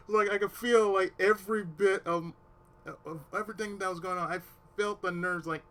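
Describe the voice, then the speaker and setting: A man's voice: high voice, steady tone, moderate pace, bright, forceful tone, slight background noise. A man telling a long personal story to his stream in casual, swearing-heavy talk, sometimes dropping to a near whisper to quote himself. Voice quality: swears a lot, drops to a whisper when quoting himself.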